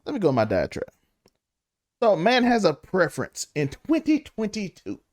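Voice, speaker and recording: A woman's voice: mid-range voice, huge pitch swings, moderate pace, darkish tone. A woman co-hosting a casual podcast, arguing her point emphatically and pressing her co-host with questions. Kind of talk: casual news commentary chat.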